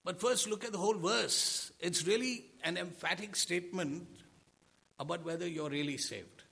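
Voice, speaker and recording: Husky, gravelly-voiced preacher man. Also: high voice, moderate pace, sharp tone. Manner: preaching with rhetorical questions to the congregation. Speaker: pastor. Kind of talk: sermon.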